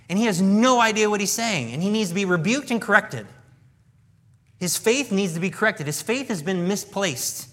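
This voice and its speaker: A male pastor preaching a sermon in an animated way, acting out dialogue from scripture. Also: high voice.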